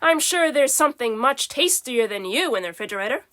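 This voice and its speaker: A woman's voice: sits high, expressive, brisk, fairly bright tone. A woman voicing a plump, fussy male ghost in a storybook reading, prim in manner.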